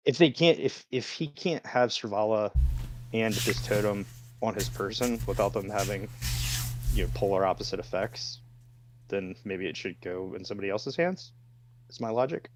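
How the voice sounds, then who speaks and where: A man's voice: fairly low pitch, moderate pace, a little hiss or hum. A man playing a tabletop game, talking casually and explaining his reasoning with restarts. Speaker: player.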